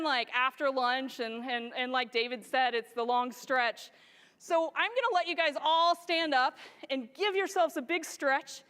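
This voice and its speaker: A woman photographer giving an excited, bubbly talk on a conference stage to a live audience, laughing often. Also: sits high. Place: large event stage before a live audience. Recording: long hall reverb.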